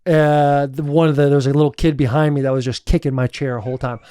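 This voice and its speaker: A man's voice: fairly high pitch, flat delivery, quick pace, mellow, clear, resonant tone. A man in his thirties co-hosting a podcast, telling stories in a loose, rambling way that is full of "like" and frequent laughter. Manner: rambling storyteller, heavy use of "like", laughs often. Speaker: podcast co-host. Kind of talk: casual chat.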